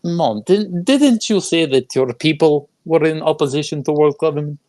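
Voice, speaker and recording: A man's voice: on the high side, normal speed, a little mellow, dry recording, pitched above the performer's own voice, lightly acted. Man playing a stammering sheepish daughter. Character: flustered grown daughter caught out by her mother. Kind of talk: tabletop role-play.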